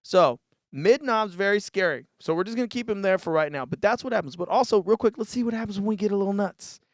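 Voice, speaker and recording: A man's voice: high voice, fast talker, dry recording, studio quality. A man giving a casual tutorial on a live mixer, talking loosely and saying "dude", speaking into a vocal mic. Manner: laid-back, says "dude" a lot, demonstrates with his voice. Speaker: music tutorial host. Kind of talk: casual instructional demo. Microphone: vocal mic through a live mixer.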